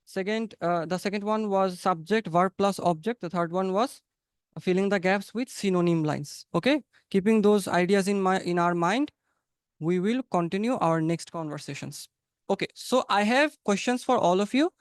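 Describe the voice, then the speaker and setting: Over a webinar video call, a man coaches students in English conversation, encouraging them and repeating his phrases. His high voice is notably clear and moves at a moderate pace, and the sound is dry and close with no echo.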